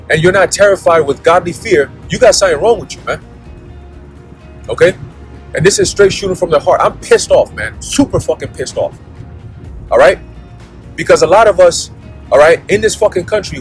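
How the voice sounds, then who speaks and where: A man's voice: high-pitched, poor audio. A man giving a blunt, profane preaching monologue, constantly checking in with "okay?" and "all right?". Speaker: religious commentator.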